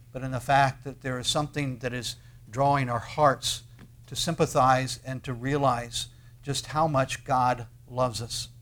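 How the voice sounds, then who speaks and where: Earnest preaching man with dramatic pauses. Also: medium pitch, a bit bright. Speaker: pastor. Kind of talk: sermon.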